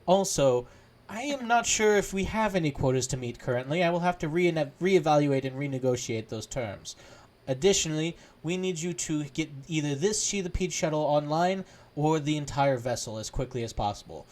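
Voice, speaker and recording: A man's voice: fairly high pitch, expressive, moderate pace, darkish tone, close to an everyday voice. A cold, formal tactical battle droid who speaks in stiff, precise sentences, as a man puts it on. It is heard in a tabletop game. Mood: stern.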